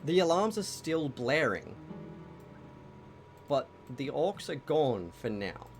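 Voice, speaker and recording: A man's voice: fairly high pitch, very animated, takes it slowly, soft background music. A man running a tabletop game show as game master, casual and profane, building tense scenes. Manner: casual, swearing, dramatic scene-setting.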